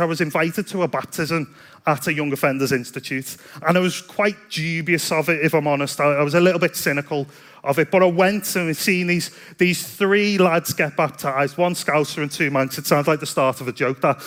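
A man's voice: on the high side, fairly bright tone. A man preaching a sermon in a chatty, self-deprecating storytelling way. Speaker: pastor.

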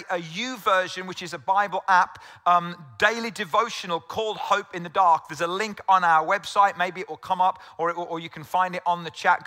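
A middle-aged English pastor preaches in a chatty, storytelling way, tossing out rhetorical questions. His voice sits high and rings very bright. The sound carries a long church-hall reverb. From England. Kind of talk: sermon.

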